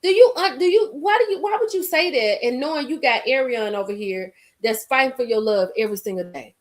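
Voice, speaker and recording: A woman's voice: high-pitched, a little fast. A woman hosting a live stream, chatting casually and emphatically with her viewers, repeating lines for effect. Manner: animated, talks straight to viewers reading the chat.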